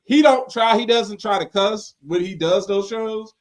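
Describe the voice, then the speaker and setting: A man with a notably high voice hosts a loose, chatty podcast. He talks with lively energy, laughs often and mimics other people's voices as he tells stories. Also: unhurried. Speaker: podcast host. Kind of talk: casual wrestling podcast chat.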